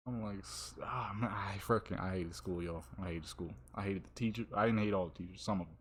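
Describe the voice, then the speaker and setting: A man's voice: low-pitched, quick pace, slight background noise. A young man chatting casually and telling stories while making beats, slangy and laid-back, laughing often. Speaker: beatmaker streamer. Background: beat playing.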